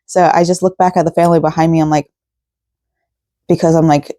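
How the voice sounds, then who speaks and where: A woman's voice: low voice, flat delivery, a little fast, long pauses, dark tone, no room sound, studio quality. A woman craft vlogger chatting casually at home at night, rambling and full of fillers. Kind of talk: casual vlog chat.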